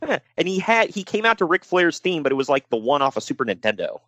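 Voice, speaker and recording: A man's voice: fairly high pitch, quick pace, no echo, dull audio. A man co-hosting a casual wrestling podcast, joking around and slipping into mock voices. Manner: jokey, animated, slips into mock voices. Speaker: podcast co-host.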